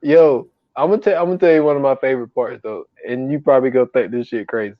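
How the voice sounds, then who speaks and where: A man's voice: medium pitch, fast, dry recording, highs cut off. A man co-hosting a casual movie podcast, talking in slang, laughing often and acting out scenes in quoted voices. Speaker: podcast co-host. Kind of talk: casual chat.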